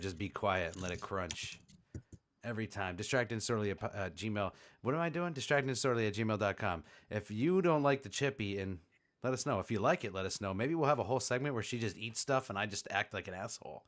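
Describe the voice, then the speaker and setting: A man's voice: on the low side, fairly quick. A man co-hosting a podcast in rowdy, hyper banter, cracking jokes and swearing often. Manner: hyper and excitable. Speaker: podcast co-host.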